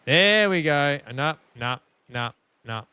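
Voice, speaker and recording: A man's voice: fairly high pitch, lively intonation, takes it slowly, pushed and bright, smooth, no echo. An Australian man casually commentating while live-streaming a building game, chatting with viewers and grumbling at his track. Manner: chatty, talks to chat, self-mocking frustration. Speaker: gaming streamer. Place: home room.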